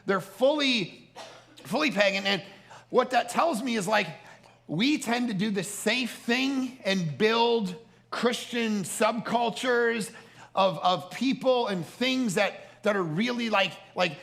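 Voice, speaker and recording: A man delivers a lively camp sermon, acting out the people in his stories as he goes. His voice is very gravelly, with plenty of fry, and it sounds bright and forceful. He pitches a little higher than most men. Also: slow pace. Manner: animated storytelling, acts out quoted people. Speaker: pastor. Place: family camp meeting.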